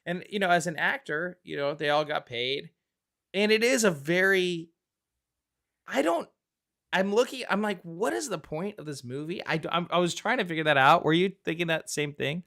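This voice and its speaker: A man co-hosting a casual movie podcast, talking in an excitable, exclamatory way. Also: high-pitched, moderate pace, vocal fry. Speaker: co-host.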